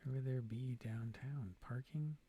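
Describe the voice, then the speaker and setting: A man's voice: mid-range voice, a little slow, mellow, husky. A man playing a game alone and thinking aloud, often dropping into half-whispered asides to himself. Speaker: game player. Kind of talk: solo game commentary.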